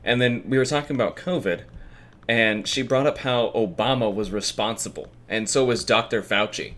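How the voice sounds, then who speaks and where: A man's voice: mid-range voice, normal speed, a bit bright. A young man co-hosting a podcast, laid-back and swearing freely in casual chat. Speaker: podcast co-host.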